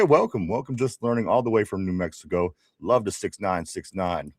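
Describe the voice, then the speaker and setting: A man's voice: lowish voice, fairly quick, few pauses, no echo, studio quality. A man with a Pittsburgh accent co-hosting a live sports talk show, reading viewer comments and joking around. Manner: animated, reads viewer comments, jokes around. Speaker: podcast co-host reading chat.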